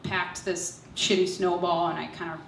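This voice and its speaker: A woman's voice: fairly low pitch, level tone, moderate pace, vocal fry, a little hiss or hum. A young woman telling a personal story on stage, nervous and self-deprecating, laughing through her lines. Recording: echoey hall, voice from far off.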